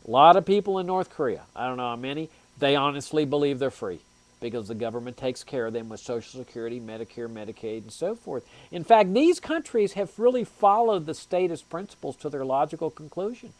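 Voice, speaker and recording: Guy hosting a talk show, sarcastic, mocks the other side, kinda high voice. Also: a little mellow, dry recording. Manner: sarcastic, mocking opponents in exaggerated voices. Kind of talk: political commentary monologue.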